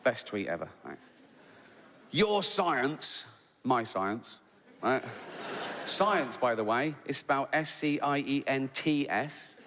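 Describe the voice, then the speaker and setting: A man's voice: mid-range voice, animated, measured pace. A man doing live stand-up comedy on a theatre stage, mocking and swearing freely in a sardonic tone. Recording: echoey hall, loud audience noise.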